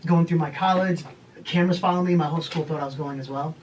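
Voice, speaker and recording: A man, a TV host, telling a lively anecdote and acting out the dialogue as a guest on a talk show. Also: on the high side, quick pace, a little hiss or hum.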